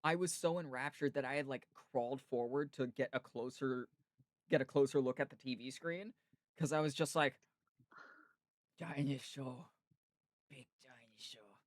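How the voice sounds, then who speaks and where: A man's voice: medium pitch, fairly quick, dry recording, studio quality. Chatty man telling rambling stories. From United States. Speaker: podcast host. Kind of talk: casual chat.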